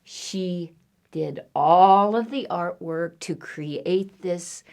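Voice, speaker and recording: A woman's voice: lowish voice, very slow, a little mellow. A woman librarian leading a children's storytime, reading in a sing-song way and making animal sounds.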